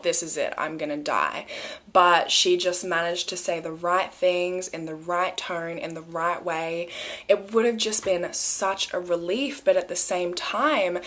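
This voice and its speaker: A woman's voice: fairly low pitch, a bit bright. A young Australian woman narrating a true crime case in a chatty, conversational way, full of asides. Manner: chatty, conversational, with frequent asides and filler phrases.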